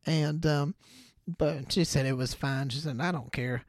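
A man's voice: fairly high pitch, fairly even intonation, a little slow, no echo, studio quality. A young man and podcast host telling a rambling, casual story, full of fillers and restarts, acting out his own reactions.

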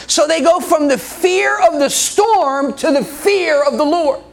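Male preacher, very high voice, a gravelly edge, laughs a lot, playful with the congregation. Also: unhurried, hardly any pauses. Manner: laughs often, jokes with the congregation. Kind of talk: sermon.

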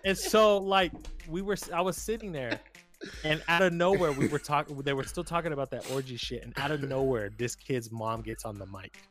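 A man's voice: a little high, normal speed, a bit bright, soft background music. A man co-hosting a casual podcast, telling a story animatedly with slang and plenty of swearing. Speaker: podcast co-host. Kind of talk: casual chat.

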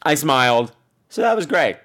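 A man hosting a podcast, telling a story in an animated, profane way in a casual monologue. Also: fairly high pitch, moderate pace. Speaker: podcast host.

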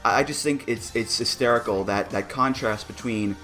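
A man's voice: medium pitch, moderate pace, hardly any pauses, sharp tone, soft background music. A man co-hosting a podcast, chatting casually and with amusement, laughing often and restarting his sentences. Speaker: podcast co-host. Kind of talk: casual review chat.

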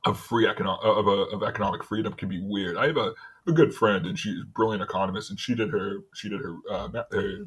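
A man's voice: on the low side, quick pace, fairly bright tone, slightly rough. A man from in casual chat, telling stories with lots of restarts and frequent laughter. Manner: rambling storyteller, laughs often, many restarts. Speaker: city worker, podcast guest.

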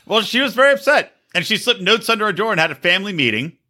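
A man with a bright, sharp-edged voice hosts a casual podcast. He swings his pitch widely as he spins crude, profane stories. He laughs often and teases his friend. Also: very animated, quick pace. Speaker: podcast host.

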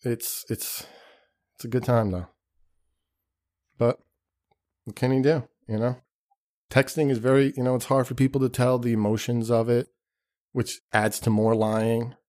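A man's voice: medium pitch, flat delivery, unhurried, long pauses, darkish tone. A man hosting a podcast, rambling in a casual, profane, self-deprecating monologue and acting out the people he quotes. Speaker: podcast host.

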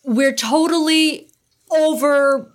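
Woman host, chatty, laughs easily, studio interview. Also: high-pitched. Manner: chatty, laughs often, quick banter. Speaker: podcast host, former TV news reporter.

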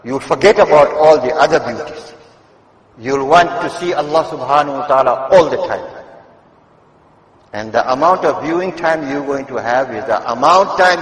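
An older man giving a Friday sermon in a mosque, moving from quiet asides to loud, emphatic exhortation and wry teasing of the congregation. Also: medium pitch, normal speed. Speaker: mosque preacher. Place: mosque prayer hall. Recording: echoey hall with long reverb.

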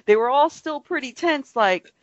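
A woman's voice: high voice, lively intonation, normal speed. A woman in casual podcast chat, rambling with lots of fillers and acting out what others might say. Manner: rambling, filler-heavy, acts out quotes. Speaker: podcast co-host. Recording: dry, dull lo-fi online call.

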